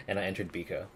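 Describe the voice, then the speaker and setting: A man's voice: sits low, noisy background. A man streaming a video game, joking crudely as he comments on the story. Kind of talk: gameplay commentary.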